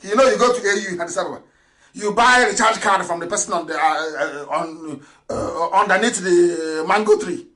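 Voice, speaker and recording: A man hosting an impassioned political broadcast, swinging between loud declarations and low asides and laughing often. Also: background noise. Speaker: broadcast host.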